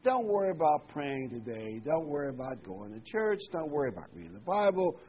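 A man voicing a tempting devil who coaxes listeners to relax and drift, in a drawn-out, soothing tone. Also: fairly high pitch, sing-song. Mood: coaxing. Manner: coaxing, drawn-out soothing urging. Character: lazy tempting devil, coaxing and easygoing. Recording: muffled lo-fi recording.

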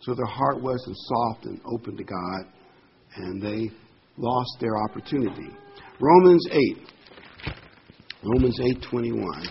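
An older man preaching a sermon, reading Bible verses slowly and with emphasis between plain explanations. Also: medium pitch, lively intonation, creaky. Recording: dull lo-fi with faint noise.

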